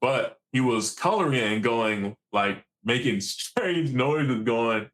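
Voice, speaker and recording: A man, a commercial fisherman, telling stories in a casual, animated and profane way. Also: medium pitch, slow pace. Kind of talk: casual storytelling.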